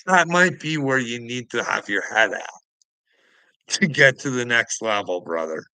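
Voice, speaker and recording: Taunting Canadian man, slow and bright. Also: medium pitch, animated, clean tone, no echo, poor audio. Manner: taunting, laughs often between phrases; addresses chatters by name, mocking. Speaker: livestreamer. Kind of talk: casual livestream chat with viewers.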